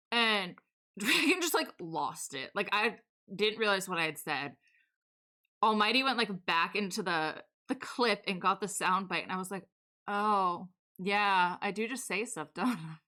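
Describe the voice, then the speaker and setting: A woman in her twenties streaming a life-sim game, chatting casually and telling animated stories, laughing often and acting out quoted lines. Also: fairly low pitch, moderate pace. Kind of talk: casual live-stream chat while building. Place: home streaming setup.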